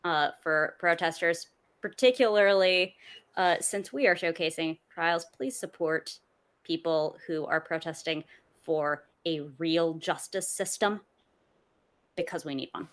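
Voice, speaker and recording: A woman's voice: fairly low pitch, a little slow, fairly bright tone, clear, resonant tone. A woman tabletop player who talks casually and earnestly, with hesitant fillers. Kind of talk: casual chat.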